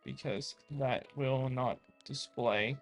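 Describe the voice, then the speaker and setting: A man's voice: medium pitch, fairly even intonation, takes it slowly, soft background music. A young American man thinking aloud as he writes code, chatting casually with viewers. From United States. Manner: muttering, thinking aloud while coding. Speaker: coding vlogger. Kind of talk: casual live coding chat.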